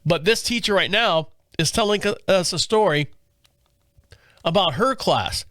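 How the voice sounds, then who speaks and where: A man's voice: sits high, lively intonation, a little slow, a bit bright, dry recording, clean studio sound. A man hosting a casual comedy podcast who reads a story aloud, often laughing and stumbling over his words. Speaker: podcast host. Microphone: studio multi-camera setup.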